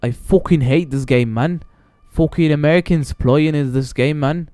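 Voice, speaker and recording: A man voicing an angry male British online gamer who swears and shouts at other players. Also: fairly high pitch, moderate pace, dry recording, studio quality, lightly acted.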